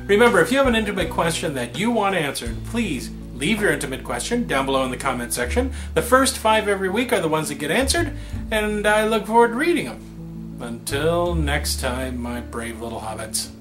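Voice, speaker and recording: A man's voice: on the high side, very animated, fairly quick, music in the background. A man hosting a comedy show, delivering casual announcements with many fillers and restarts. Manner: rambling, filler-heavy delivery. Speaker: host.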